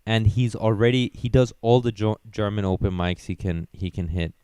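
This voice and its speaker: Low-voiced, laid-back podcast man. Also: moderate pace, dark tone, clear, resonant tone, no room sound. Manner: laid-back, rambling storyteller. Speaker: podcast co-host and stand-up comedian. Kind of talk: casual podcast chat.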